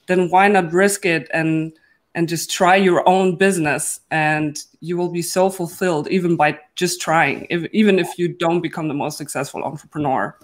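A woman's voice: fairly low pitch, steady tone, moderate pace. A young woman, a guest entrepreneur, telling her story in a casual, chatty way with many fillers. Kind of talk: casual panel chat.

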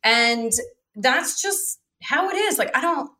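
Bright-voiced frank woman guest. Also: sits high, lively intonation, slow pace. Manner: frank, storytelling, many fillers. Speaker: guest, real estate developer. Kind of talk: casual interview talk.

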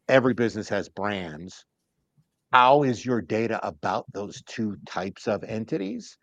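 A man speaking as a podcast guest on data strategy, emphatic and animated, acting out other people's lines as he goes. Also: lowish voice, measured pace, no echo. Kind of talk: casual podcast interview talk.

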